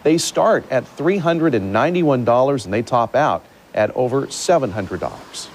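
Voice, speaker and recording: A male news anchor reading scripted news stories in a steady, measured way. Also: medium pitch, slight background noise.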